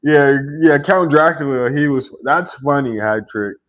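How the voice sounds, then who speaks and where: A man's voice: a little high, a little slow. Laid-back man chatting on a livestream. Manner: laid-back, laughs often, repeats phrases and says "right?". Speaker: livestream host chatting with viewers. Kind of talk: casual live-stream chat.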